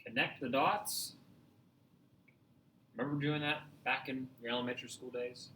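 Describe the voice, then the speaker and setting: A man's voice: mid-range voice, steady tone, normal speed, pushed and bright, a little hiss or hum. A man teaching a recorded math lesson, upbeat and joking, talking straight to his viewers as he works through examples.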